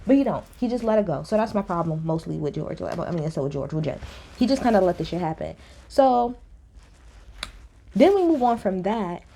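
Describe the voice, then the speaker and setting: A woman's voice: on the low side, animated, a little fast, gravelly, dark tone, slight background noise. A woman recapping a reality show in a casual, blunt, opinionated way, swearing freely.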